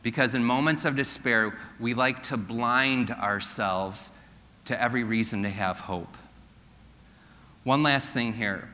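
An earnest male preacher with a bright, forceful voice. He drops to a slow hush for his key points. His sermon rings out with a long reverb from the church hall. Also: mid-range voice. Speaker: pastor.

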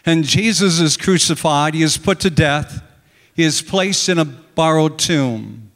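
A man's voice: a little high, measured pace, fairly bright tone, long reverb tail. A man preaching a sermon, retelling scripture with dramatic storytelling and acting out the quoted lines. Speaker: pastor.

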